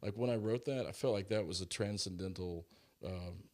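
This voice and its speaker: Low-pitched male musician guest, lively storyteller, casual and chatty. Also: moderate pace. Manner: animated storyteller, acts out quotes. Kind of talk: casual interview chat.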